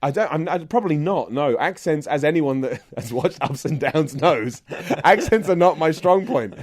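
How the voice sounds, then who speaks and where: Southern English man, interview guest, self-mocking and quick to laugh. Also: a little high, animated. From England. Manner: self-deprecating, jokey, laughs often. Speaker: guest, wrestling presenter. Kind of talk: casual interview chat. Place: indoors in person.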